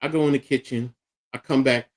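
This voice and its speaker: A middle-aged man with a Philadelphia accent tells family stories on a casual talk show. He slips into the voices of the people in them as he goes. His voice sits at an ordinary pitch for a man. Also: a little fast. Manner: animated storyteller acting out quotes. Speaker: podcast co-host. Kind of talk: casual storytelling chat.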